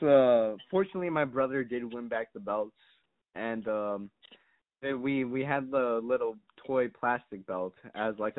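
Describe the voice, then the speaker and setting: Young man, podcast guest, casual chat, mock-serious rambling, mid pitch, tinny phone-line sound. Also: no room sound. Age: young adult. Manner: rambling mock-serious storytelling, heavy fillers and swearing.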